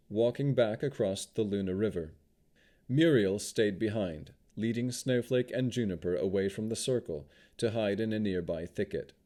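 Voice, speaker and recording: A man narrating a fantasy audiobook with expressive storytelling. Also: lowish voice.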